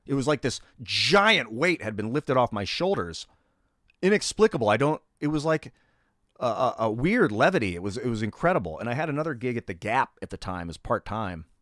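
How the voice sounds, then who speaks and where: This middle-aged man's pitch is medium but swings widely, and he talks fairly quickly in a somewhat bright tone. He's livestreaming loose, rambling stories about his life, full of fillers and swearing, recorded dry at studio quality.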